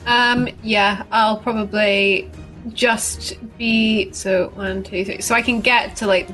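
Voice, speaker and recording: A woman's voice: medium pitch, fairly even intonation, slow pace, fairly bright tone, faint music behind, poor audio. A woman playing a tabletop game, tentative and thinking aloud. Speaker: player. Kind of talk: casual tabletop play.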